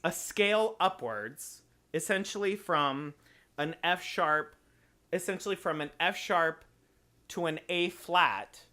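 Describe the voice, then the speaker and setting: A man teaching voice, slowly explaining notes and phrasing in a lesson. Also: a little high, pushed and bright. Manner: explains slowly, sings short examples.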